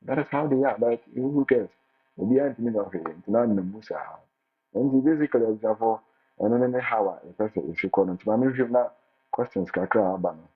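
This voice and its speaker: A man, a teacher giving casual advice in an animated way, often repeating and restarting his words. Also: lowish voice, a little fast, slightly rough. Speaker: international teacher sharing his experience. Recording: phone-like line with faint music.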